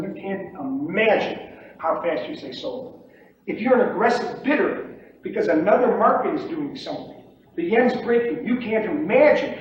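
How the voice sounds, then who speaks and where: A man teaching commodities trading in a seminar lecture, emphatic and repetitive, often checking in with "okay?". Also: high voice. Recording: echoey room, distant mic, dull lo-fi, faint hiss.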